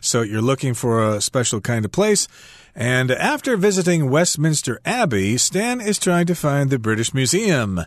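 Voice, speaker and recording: A man of ordinary pitch talks through an English lesson dialogue at an even, friendly pace. The voice sits close to the mic in a dry studio. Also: normal speed, no echo. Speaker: English teacher co-host. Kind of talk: radio English lesson explanation.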